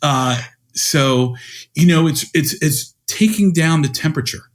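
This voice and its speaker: A man's voice: a little high, unhurried. A man in his fifties, a podcast guest and educator, telling stories and acting out the dialogue he quotes. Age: 50s. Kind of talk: conversational storytelling.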